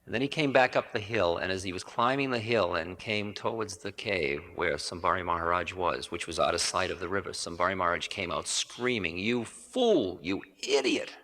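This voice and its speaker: A man's voice: deep voice, a little fast, few pauses, pushed and bright. A man giving a spiritual storytelling lecture in a rambling, conversational way, correcting himself and adding asides. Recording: reverberant 1980 hall recording.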